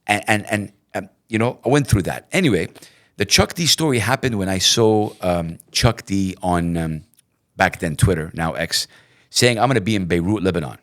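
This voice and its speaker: A middle-aged man talks in a relaxed interview with a fairly low voice. He tells his stories in an animated way, often repeating words and acting out what others said. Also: normal speed. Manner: animated, repeats himself, acts out quotes. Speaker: radio host, interview guest. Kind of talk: casual interview.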